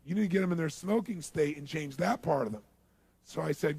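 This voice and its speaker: A man giving a seminar talk, telling a story and acting out the scenes, sometimes bursting into shouts. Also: on the high side, fairly quick, creaky, slightly rough. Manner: animated, swings to shouting while acting out scenes. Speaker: motivational speaker.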